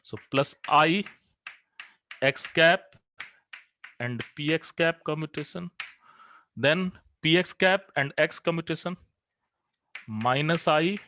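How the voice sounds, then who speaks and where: A man's voice: fairly high pitch, slow pace, long pauses, sharp tone, slight background noise. A man teaching physics in a classroom. He works through equations step by step and asks the class questions that he then answers himself. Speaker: physics lecturer. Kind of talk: classroom lecture.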